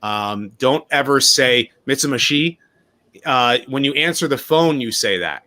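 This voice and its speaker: Bright-voiced man hosting a livestream. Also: medium pitch, a little slow. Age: 40s. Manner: rambling, animated, laughs often. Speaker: livestream host. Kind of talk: casual chat.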